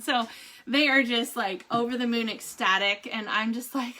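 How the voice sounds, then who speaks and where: Middle-aged woman, casual vlog host, high and bright, animated, quick to laugh. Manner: animated, laughs often, says "holy cow" and "y'all". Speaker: vlogger giving a family update and product review.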